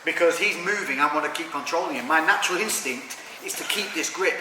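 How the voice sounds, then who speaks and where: A man hosting a self-defence tutorial, calmly explaining techniques and adding dry jokes. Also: on the high side, fairly quick. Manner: calm, reassuring instruction with dry jokes. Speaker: fitness coach and host. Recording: echoey hall from far off, background noise.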